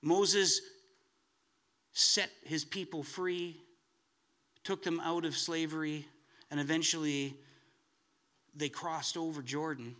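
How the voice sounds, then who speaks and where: A man preaching a sermon in an animated way, building up to excited emphasis. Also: on the high side, takes it slowly, long pauses.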